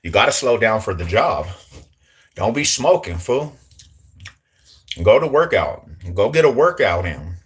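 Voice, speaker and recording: Young male streamer, deep low voice, casual and joking, lots of slang, talks straight to chat. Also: sing-song, measured pace, long pauses. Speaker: livestream host.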